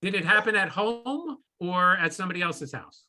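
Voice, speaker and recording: A man co-hosting a podcast, teasing and swearing in loose, animated banter. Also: sits high, moderate pace. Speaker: podcast co-host.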